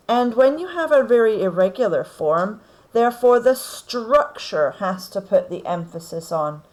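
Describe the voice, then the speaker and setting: A woman teaches a class, unhurried and measured, pausing to check with "okay?" that her students follow. Her voice sits at an ordinary middle pitch. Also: a little mellow, rough recording. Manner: slow, deliberate explaining with frequent "okay?" checks. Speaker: English teacher. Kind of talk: recorded lesson on poetry.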